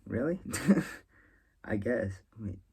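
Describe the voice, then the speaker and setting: A man's voice: fairly low pitch, lively intonation, drawn-out words, creaky, darkish tone, breathy edge. A man reading a manga chapter aloud as a reviewer, rambling and correcting himself as he reacts. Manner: rambling, musing aloud with frequent filler and self-correction.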